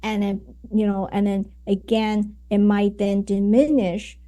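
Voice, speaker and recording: A woman's voice: medium pitch, flat delivery, unhurried, warm tone. A woman guest in an interview, explaining ideas with frequent fillers and tag questions. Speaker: guest, communication coach. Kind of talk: conversational interview.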